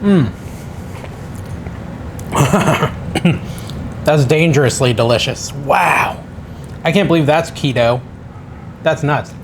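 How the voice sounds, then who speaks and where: A man's voice: fairly high pitch, slow, long pauses, noisy background. A man hosting a casual home cooking vlog, chatting and thinking aloud in his kitchen with a self-deprecating manner. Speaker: cooking channel host.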